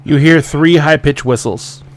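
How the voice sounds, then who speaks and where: A man narrating as game master, describing a scene with casual, halting wording. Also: a little high.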